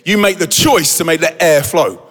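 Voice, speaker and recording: A high-pitched man tells a dramatic story on stage, lively and acting out every voice in the scene. His voice rings through a big hall with a long reverb. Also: normal speed. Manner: animated, acts out the scene with quoted voices. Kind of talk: dramatic storytelling to a live audience.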